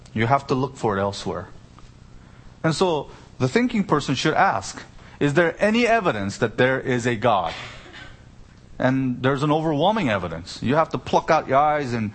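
A man preaching an expository sermon, stressing key words with sudden lifts and asking rhetorical questions. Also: mid-range voice. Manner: explains Greek grammar with rhetorical questions. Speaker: pastor.

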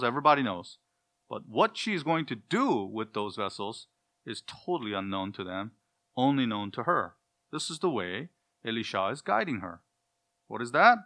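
A man delivers a sermon in a bright, forward voice. He teaches patiently through scripture and pushes his pitch up hard whenever he stresses a point. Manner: emphatic, rises and falls sharply on key words. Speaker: preacher. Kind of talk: expository sermon.

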